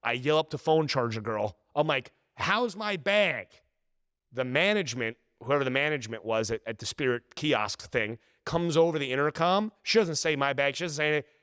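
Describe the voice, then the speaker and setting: A man hosting a podcast, telling an exasperated travel story in a casual, animated way. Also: medium pitch, a little fast, hardly any pauses, clean tone, no room sound, studio quality. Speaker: podcast host.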